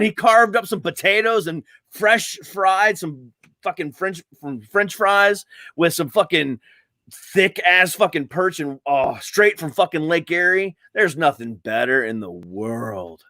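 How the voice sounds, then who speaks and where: A man's voice: medium pitch, dry recording, clean studio sound. A man co-hosting a casual podcast chat, swearing and joking, with family roots in Ohio. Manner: swearing, joking, does loud voices of relatives. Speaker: podcast co-host.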